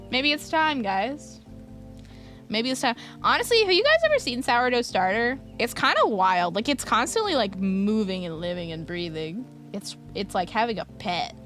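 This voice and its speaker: Giggly, animated young woman streamer. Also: fairly high pitch. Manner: giggly, playful, quick tangents. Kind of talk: casual live-stream chat reading viewer messages.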